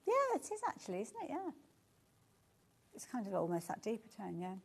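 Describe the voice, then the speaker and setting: A woman presenting a live shopping show, chatting warmly about the items and reacting to viewer comments with gushing enthusiasm. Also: medium pitch, wildly swooping pitch, fairly quick, vocal fry, slightly rough.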